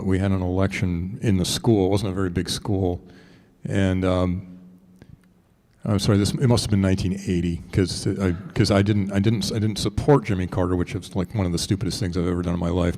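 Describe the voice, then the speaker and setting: A man's voice: low-pitched, dark tone. A man from indiana, self-deprecating retiring senator, stumbling over his words, reverberant chamber. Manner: rambling, halting, self-deprecating. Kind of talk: farewell floor speech. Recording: legislative chamber with long reverb.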